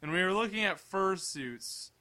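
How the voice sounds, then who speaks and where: A man's voice: high-pitched, animated, moderate pace, bright, forceful tone. A young man co-hosting a casual chat, cracking goofy, crude jokes. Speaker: podcast co-host.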